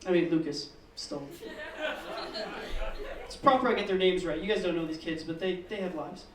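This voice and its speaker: Stand-up comic, male, high-pitched and deadpan, recorded in an echoey room from a distance. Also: moderate pace, noisy background. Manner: deadpan storytelling, swearing, acting out kids in squeals. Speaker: stand-up comedian. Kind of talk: stand-up comedy set. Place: comedy open mic room.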